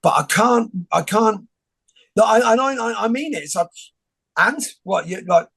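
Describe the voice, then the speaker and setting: A man's voice: sits high, expressive, a little slow, vocal fry, fairly bright tone, slightly rough. A man hosting a casual interview, rambling and joking with many restarts and film quotes. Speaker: host. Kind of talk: casual conversation.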